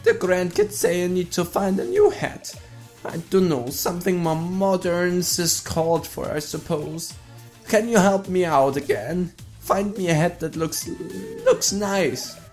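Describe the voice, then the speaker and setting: A man's voice: high voice, expressive, unhurried, a little mellow, faint music behind, pitched above the performer's own voice. A man voicing a folksy, doddering elderly blobfish in a game playthrough.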